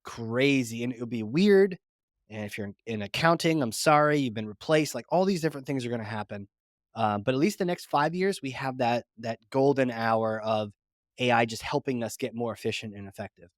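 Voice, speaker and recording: A man's voice: medium pitch, fairly quick, no echo, studio quality. A middle-aged man telling stories in a casual interview, acting out the voices of people he quotes. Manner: animated storyteller acting out quotes. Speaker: podcast guest, founder.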